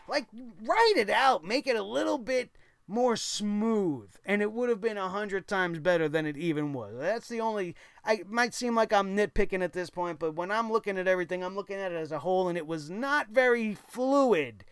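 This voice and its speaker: A man's voice: sits high, animated, normal speed, clear, resonant tone, dry recording, studio quality. A man hosting a wrestling review show, giving blunt, opinionated commentary with casual swearing.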